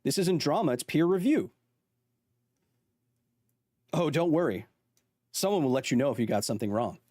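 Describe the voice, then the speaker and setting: A man's voice: on the high side, lively intonation, normal speed, darkish tone, no room sound, studio quality. A man in his thirties hosting a live stream, chatting casually and jokingly and reading out viewer comments. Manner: playful, joking, reads chat aloud. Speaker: host.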